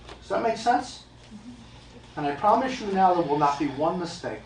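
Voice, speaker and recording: This US stage medium, speaking at normal speed in a high, sing-song voice, addresses a live audience bluntly and emphatically, repeating points and adding jokes. The recording, made from a distance in an echoey event hall, carries a little hiss or hum.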